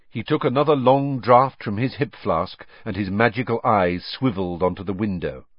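A man narrating an audiobook with expressive storytelling and character voices. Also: lowish voice, moderate pace, hardly any pauses, dry recording, highs cut off.

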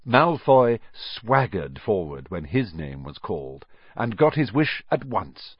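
Husky, lively male audiobook narrator. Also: lowish voice, slow, dry recording. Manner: animated storytelling with voiced characters. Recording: dull lo-fi dry recording.

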